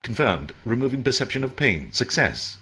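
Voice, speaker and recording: Guy putting on a clipped robotic system announcer in a story, flat reports, pitched up a bit, gravelly. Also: moderate pace, heavily acted. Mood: mechanical.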